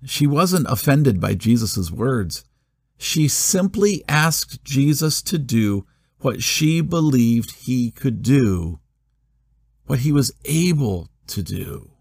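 A man preaching a sermon, expressive, with rhetorical questions and dramatic pauses. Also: medium pitch, vocal fry, slightly rough, no room sound, clean studio sound. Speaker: pastor.

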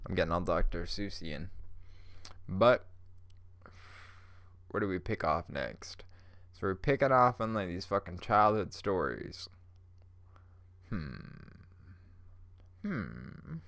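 Stoned, laid-back podcast guy, low voice. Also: big pitch swings, slow pace, creaky, pauses often, a bit bright, dry recording. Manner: laid-back, profane, rambling, laughs often. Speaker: podcast host. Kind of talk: casual stoned solo podcast rambling.

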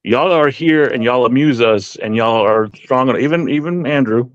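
A man's voice: mid-range voice, normal speed, no echo, dull audio. A man on a podcast panel talking casually, rambling and heartfelt, stammering and swearing as he goes. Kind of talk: casual chat.

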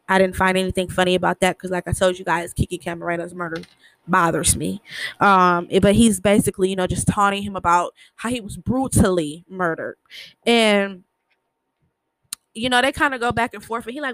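A woman's voice: mid-range voice, fairly even intonation, normal speed, fairly bright tone, dry recording. A woman casually recapping a TV episode, talking bluntly, swearing freely and tripping over her words. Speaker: show recapper.

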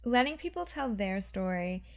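A woman's voice: mid-range voice, sing-song, normal speed. A woman co-hosting a podcast in casual chat, rambling a little with fillers and restarts. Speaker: podcast co-host.

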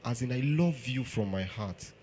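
A man with a Nigerian accent voicing a lovesick young man who pleads quietly and turns to low threats. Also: expressive, normal speed, a little hiss or hum, close to an everyday voice.

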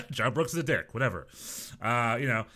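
This is a man co-hosting a casual podcast, with a bright, forward tone and a middling pitch. He rambles through stories, restarting sentences and piling on asides. The delivery stays loose and animated. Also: a little slow. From United States. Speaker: podcast co-host. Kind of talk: casual chat.

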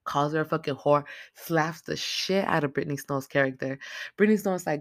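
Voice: medium pitch, a little fast, dry recording, studio quality. A speaker casually recapping a movie's plot in heavy slang and constant swearing, acting out the characters' lines. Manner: profane, slangy, animated retelling; acts out characters' lines in quotes. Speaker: film recap commentator.

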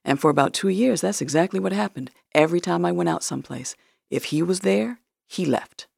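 Woman storyteller, gravelly and breathy, blunt and matter-of-fact. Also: on the low side, a little fast, darkish tone, no room sound, clean studio sound. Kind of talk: personal storytelling.

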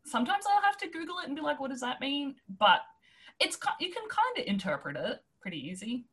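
A woman's voice: sits high, wildly swooping pitch, fast, fairly bright tone, breathy edge. A woman hosting a podcast, chatting casually and acting out little quoted exchanges. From outside the United States, schooled in an English-speaking country. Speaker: podcast host. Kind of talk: casual chat.

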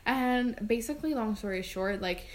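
A young woman co-hosting a podcast tells casual stories in a rambling way, laughing often and filling her speech with "like". Her voice is a little high and expressive, at normal speed.

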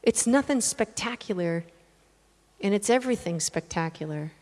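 A woman preaching a sermon as an animated storyteller, laughing often at her own asides. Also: medium pitch, normal speed. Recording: long hall reverb.

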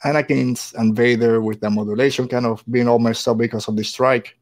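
A man's voice: medium pitch, fairly even intonation, brisk. Rambling man in a casual chat. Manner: rambling, full of hedges.

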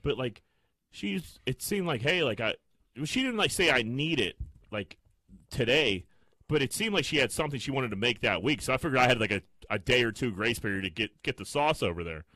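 A young man co-hosting a casual podcast, telling a story with animated, swearing outrage. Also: mid-range voice, fairly quick, dry recording. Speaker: podcast co-host.

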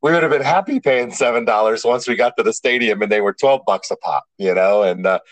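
A middle-aged man telling stories in casual chat as a podcast co-host, getting animated as he goes. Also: on the low side, fairly quick, no echo, poor audio. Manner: animated storyteller, rising excitement.

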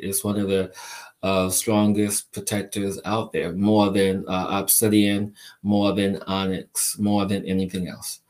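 A man with a very deep voice hosts a spiritual live stream and answers viewer questions one by one. He talks slowly and deliberately and piles up repeated phrases to stress a point. He speaks to listeners warmly as "my friend" and "my dear.".

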